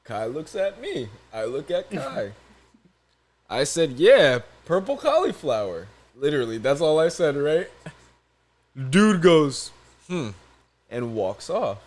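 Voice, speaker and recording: A man's voice: fairly high pitch, very animated, takes it slowly. A young man co-hosting a podcast, telling a story in casual chat, profane and laughing often. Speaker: podcast co-host.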